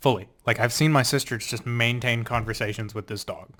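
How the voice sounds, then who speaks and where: A man's voice: mid-range voice, fairly quick. Rambling young man telling stories. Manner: rambling, animated storytelling with laughs and filler words. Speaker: vlogger. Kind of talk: casual rambling vlog chat.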